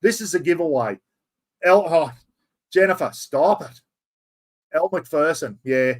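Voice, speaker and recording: A man's voice: on the high side, lively intonation, unhurried. A middle-aged Australian man hosting a casual livestream, chatting loosely and reading out viewer comments with plenty of slang. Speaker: livestream host.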